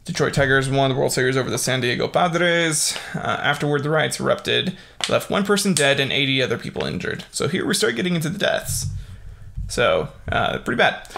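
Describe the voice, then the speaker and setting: A young man hosting a casual solo podcast, reading facts haltingly with lots of fillers and breaking into excited exclamations. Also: medium pitch, gravelly. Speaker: podcast host.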